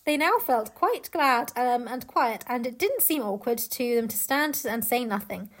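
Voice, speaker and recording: A high-voiced woman with a husky, breathy tone reads a book aloud on a podcast. She breaks off the reading often for joking asides and quick laughs. The delivery is casual, as in a chat between friends. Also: expressive.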